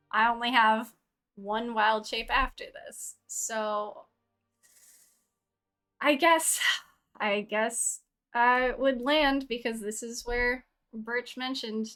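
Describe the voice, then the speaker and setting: Slow-talking woman player, music behind. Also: a little high, fairly bright tone. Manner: giggly, thinking aloud. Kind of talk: playing a tabletop game.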